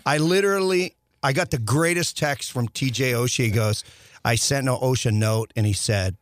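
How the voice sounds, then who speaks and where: Rambling former hockey player telling stories. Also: male voice, medium pitch, normal speed, dry recording, studio quality. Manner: rambling with many restarts, acts out quoted dialogue. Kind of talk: casual storytelling chat.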